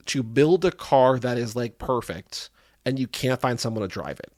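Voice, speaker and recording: A man co-hosts a podcast in a dry, close-sounding room. He talks casually and gets animated, acting out his own reactions as he goes. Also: mid-range voice, normal speed, dry recording. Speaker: podcast co-host. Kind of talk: casual chat.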